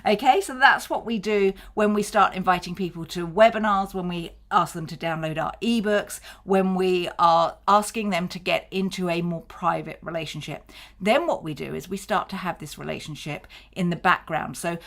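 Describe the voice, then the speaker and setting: A woman's voice: on the low side, normal speed, a bit bright. A woman teaches marketing straight to camera as a coach. Her delivery is conversational and friendly in pace, and she slips into little acted-out exchanges to make her points. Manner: conversational, acts out short snippets of dialogue. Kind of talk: explaining to camera.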